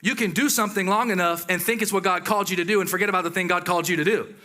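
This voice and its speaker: A man preaching a sermon in a lively, conversational way, with exclamations and asides to the congregation. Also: sits high, rapid-fire.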